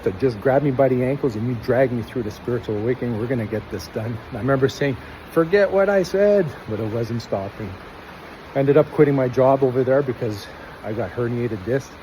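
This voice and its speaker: A man's voice: medium pitch, brisk, mellow, a little hiss or hum, low-quality recording. A man from Canada telling a long personal story in a casual, rambling, earnest way, acting out quoted lines as he goes.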